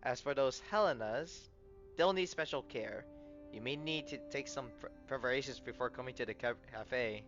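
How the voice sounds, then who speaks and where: A man reading out a composed, courteous woman who runs a café in a game. she speaks politely and calmly. the sound is a little muffled, with soft game music underneath. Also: mid-range voice, normal speed, natural voice. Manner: polite and composed, reading text aloud with small stumbles. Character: poised, courteous female café manager.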